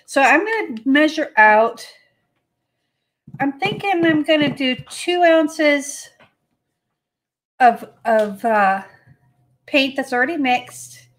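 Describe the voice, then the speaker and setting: A woman's voice: high-pitched, lively intonation, slow, pauses often, fairly bright tone. A woman hosting a live painting demo, chatty and folksy, talking to her paint as she works. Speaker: host.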